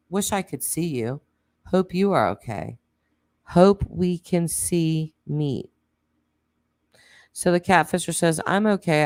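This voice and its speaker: Low-voiced woman reading messages aloud. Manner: plain reading with pauses and asides. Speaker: true crime channel host. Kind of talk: reading text messages aloud with casual commentary.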